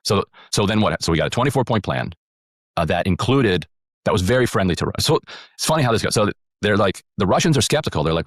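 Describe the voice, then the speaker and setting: A man co-hosting a political podcast, with a very low voice and a quick pace. He retells the news casually, full of ums and quoted back-and-forth, and the recording is dry and close. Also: animated, no room sound. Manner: retelling events with acted quotes, many fillers. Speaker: podcast co-host.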